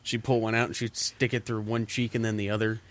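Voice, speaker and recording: A man's voice: fairly low pitch, flat delivery, brisk, a bit bright. A man co-hosting a podcast, telling rambling stories in casual chat and acting out what people said. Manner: rambling storytelling, swears a lot, acts out quotes. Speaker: podcast co-host.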